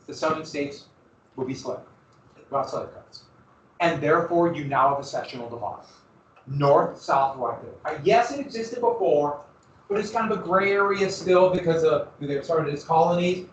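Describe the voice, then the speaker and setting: A man's voice: on the high side, normal speed, lo-fi sound. Man lecturing a class from far off. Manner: asks the class questions and answers them himself. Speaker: history teacher. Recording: roomy classroom recording from far off.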